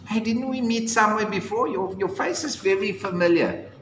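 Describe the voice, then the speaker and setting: Man as a lovestruck young prince, raised and pleading, bright tone in an echoey room. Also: high voice, moderate pace, slight background noise, pitched above the performer's own voice. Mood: eager. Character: young fairy-tale prince, eager and smitten. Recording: echoey hall reverb.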